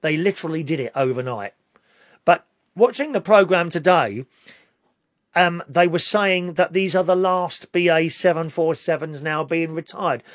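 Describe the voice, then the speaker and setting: A man from Britain with a British English accent and a slightly high voice vlogs casually to camera, rambling and opinionated, sometimes bursting out indignantly. The recording is studio quality without echo.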